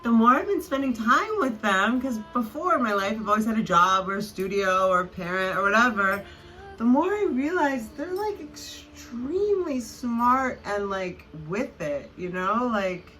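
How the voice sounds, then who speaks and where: A woman's voice: fairly high pitch, lively intonation, unhurried, sharp tone, rough recording. A woman hosting a podcast, telling rambling stories in casual chat with lots of fillers. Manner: rambling, chatty storytelling with many fillers. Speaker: podcast host. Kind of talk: casual conversation.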